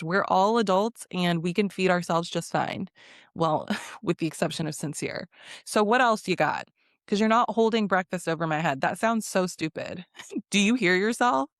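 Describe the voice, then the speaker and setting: A woman's voice: lowish voice, dry recording, clean studio sound. A woman giving a casual reality TV recap, blunt, sassy and profane, often breaking into laughter. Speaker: recap vlogger.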